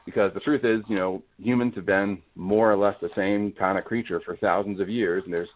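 Low-voiced man on a phone-like line. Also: steady tone, a little fast. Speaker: podcast guest. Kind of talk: faith conversation. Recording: phone-like audio.

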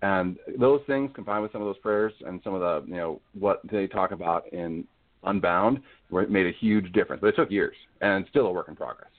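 A man's voice: low voice, a little fast. A man talking earnestly about faith and family as a guest on a conversation podcast. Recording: phone-like audio.

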